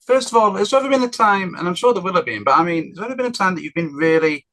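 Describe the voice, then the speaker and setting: A man's voice: high-pitched, animated, very fast, fairly bright tone. A man hosting an interview podcast, politely encouraging his guest and asking questions. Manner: polite, encouraging with brief backchannels. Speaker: podcast host.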